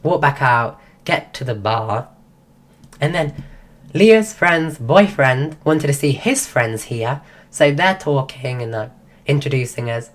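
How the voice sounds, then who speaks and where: A woman's voice: a bass voice, lively intonation, takes it slowly. A woman streaming, telling a rambling story in casual chat while losing her voice. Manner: rambling, full of restarts.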